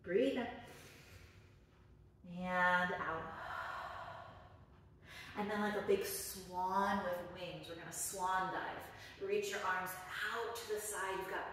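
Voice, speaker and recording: Woman yoga teacher for kids, slow and gentle, heard from a distance in a very echoey room. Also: on the low side, fairly even intonation, a little hiss or hum. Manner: gentle, encouraging, playful instructions. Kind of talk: guided children's yoga class.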